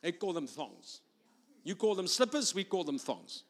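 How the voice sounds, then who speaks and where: High-voiced male preacher in a reverberant hall. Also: big pitch swings, moderate pace. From South Africa or Australia. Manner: storytelling, rising to loud proclamation. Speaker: guest preacher. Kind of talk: sermon with prophetic ministry. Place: church sanctuary. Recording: long reverb of a large hall.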